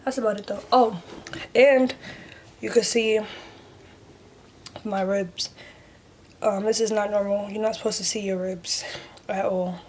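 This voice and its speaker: A woman in a casual vlog tells a personal story straight to her viewers, chatty and open, leaning on "like" and "y'all" in almost every breath. Her pitch sits at an ordinary middle height for a woman, with a faint hiss of background noise under the talk. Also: steady tone, a little slow, pauses often, a little mellow. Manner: chatty, heavy use of "like", addresses viewers as "y'all"; emotional, speaks openly and earnestly. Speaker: vlogger telling her story.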